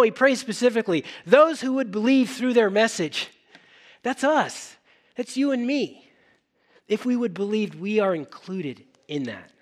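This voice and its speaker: A middle-aged male pastor preaching a sermon, telling stories with animated acted-out dialogue. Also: a little high. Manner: animated storytelling, acting out dialogue.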